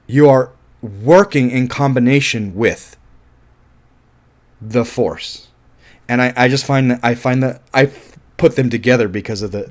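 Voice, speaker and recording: A man's voice: lowish voice, darkish tone. A man giving a casual, rambling film review, thinking aloud and often restarting his sentences.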